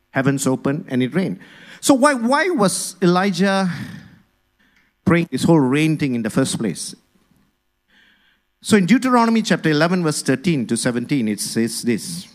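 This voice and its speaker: A man delivers a sermon from the pulpit, with a voice pitched well above most men. He speaks with energy and keeps calling on the congregation to answer and repeat his words. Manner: energetic, rousing congregation to respond. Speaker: pastor.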